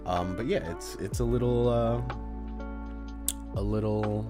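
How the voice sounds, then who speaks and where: A man chatting casually on a journaling livestream, relaxed and rambling, thanking viewers as he goes. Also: lowish voice, measured pace. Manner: relaxed, rambling, reads out chat. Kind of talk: casual stream chat. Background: lofi music.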